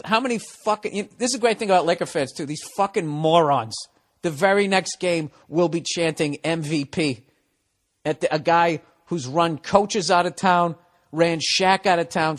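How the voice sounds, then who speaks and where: A man's voice: high-pitched, a bit bright. A man ranting profanely and sarcastically in a monologue, mocking people with put-on quotes. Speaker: podcast host.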